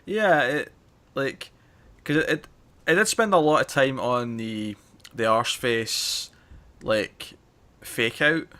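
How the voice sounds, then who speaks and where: A man chats as co-host of a review show. His pitch sits in the middle, and he laughs easily and trips over his own restarts as he talks. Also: slow pace, long pauses. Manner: lively, laughing, with frequent restarts. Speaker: podcast co-host. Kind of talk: casual chat.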